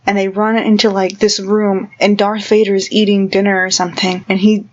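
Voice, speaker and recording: A woman's voice: mid-range voice, little pitch movement, a little fast, highs cut off. A woman vlogger retelling a story in a casual, rambling way, full of fillers and giggles.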